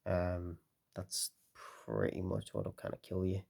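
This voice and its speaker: A tired man talking casually through a card game deck, relaxed and rambling with lots of fillers. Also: sits low, slow pace, creaky.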